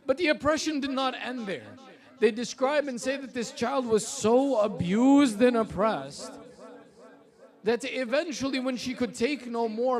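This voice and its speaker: High-voiced man preaching a mournful sermon. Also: lively intonation, measured pace. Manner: elegiac, swelling to impassioned shouting.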